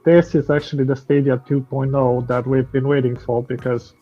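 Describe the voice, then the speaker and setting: A man appearing as a guest on a live show, calmly explaining his opinion. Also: mid-range voice, normal speed, muffled recording, soft background music. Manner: relaxed, explaining his view at length. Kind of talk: casual chat.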